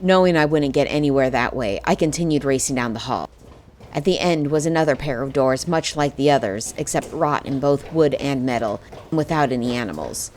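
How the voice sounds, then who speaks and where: A woman narrating a first-person fantasy novel. Her voice sits low and she tells the story steadily with feeling. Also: a little fast, darkish tone, a little hiss or hum. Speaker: audiobook narrator.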